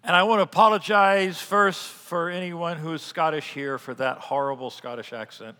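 A man preaching a sermon as pastor, earnest, swinging between loud emphatic lines and quiet asides. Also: a little high, steady tone, moderate pace, clean tone, big-room sound.

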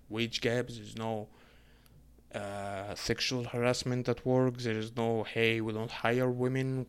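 Blunt, profane man ranting. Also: mid-range voice. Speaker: vlogger answering comments. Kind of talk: casual opinion rant.

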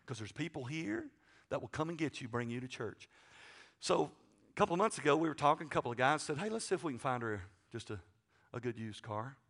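A middle-aged man preaching a sermon, folksy and joking, swinging from loud to quiet asides. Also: medium pitch, lively intonation, brisk, vocal fry. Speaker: pastor.

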